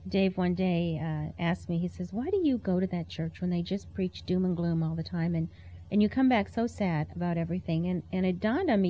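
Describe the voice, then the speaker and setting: A woman's voice: on the low side, a little fast, highs cut off. A woman sharing a heartfelt personal testimony in an earnest, storytelling way. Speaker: interview guest.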